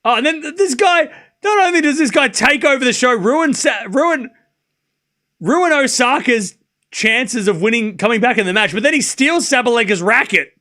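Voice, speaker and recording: A man's voice: very high-pitched, expressive, normal speed, pushed and bright. A man commentating a tennis match live on stream, chatty and incredulous, laughing often and talking to his chat.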